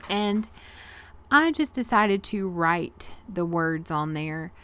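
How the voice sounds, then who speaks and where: A woman's voice: on the low side, lively intonation, takes it slowly, fairly bright tone, smooth. A woman, chatting folksily through her art journal pages as a craft vlogger and laughing often. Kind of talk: casual craft narration.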